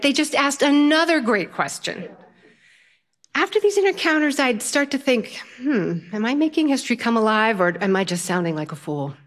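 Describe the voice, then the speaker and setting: Here a self-taught storyteller, an older woman, shares something from her own life with a crowd. She's humorous and animated, and her voice jumps higher for each punchline.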